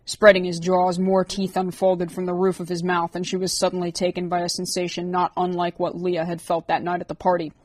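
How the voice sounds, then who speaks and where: A woman narrating an audiobook chapter in a steady, even way. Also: lowish voice, fairly quick, few pauses, no room sound. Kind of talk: reading a novel aloud.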